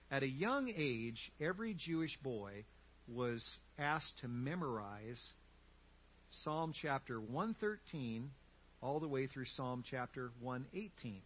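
A man's voice: mid-range voice, slightly rough, highs cut off. A male pastor preaching a sermon with animation and leading the congregation in call-and-response. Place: church sanctuary.

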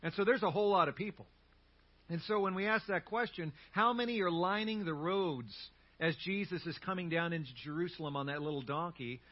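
A man preaching a sermon as pastor, telling a story in an animated way with humorous asides. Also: high voice, a little fast, dull audio.

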